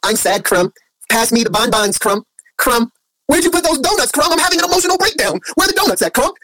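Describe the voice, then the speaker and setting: A man's voice: very high voice, sing-song, fast talker, bright, forceful tone, dry recording, voice pushed up, heavily acted, low-quality recording. A man voicing a sad, whiny person who begs for bonbons and donuts. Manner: pleading, whiny.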